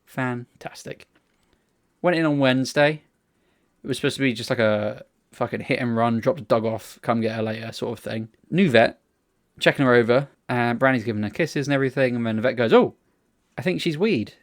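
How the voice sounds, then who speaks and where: A man's voice: mid-range voice, a little fast. A man co-hosting a casual podcast, telling rambling, sweary stories full of restarts. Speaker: podcast co-host. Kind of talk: casual chat.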